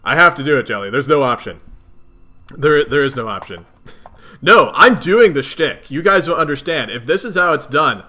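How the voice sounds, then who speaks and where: A man's voice: on the high side, expressive, normal speed, sharp tone. A man reading a webcomic aloud who breaks off to comment in a mock-exasperated way, laughing often. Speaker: webcomic reader. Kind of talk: casual read-aloud commentary.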